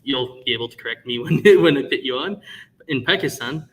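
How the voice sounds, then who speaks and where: A man hosting a live conference panel, introducing a speaker with many pauses and stumbles over names. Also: mid-range voice, rough recording. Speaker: panel moderator. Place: conference hall.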